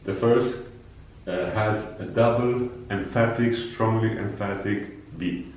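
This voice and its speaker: Male language teacher, unhurried and lowish, patient drills and repetitions; very echoey room, mic set far off. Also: fairly even intonation, a little mellow. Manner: patient, repeats words slowly for learners. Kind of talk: slow explanatory lesson.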